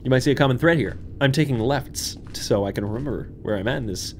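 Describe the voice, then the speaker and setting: A young man hosting a horror game playthrough, talking to viewers, jumpy and swinging from hushed muttering to yelps. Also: mid-range voice, fast, slight background noise. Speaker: gaming channel host. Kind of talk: horror game let's play commentary. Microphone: desk microphone.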